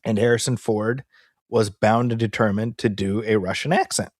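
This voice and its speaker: A man co-hosting a movie podcast in casual chat, animated and fond of quoting people in put-on voices. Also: fairly low pitch, moderate pace, dry recording, studio quality. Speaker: podcast co-host.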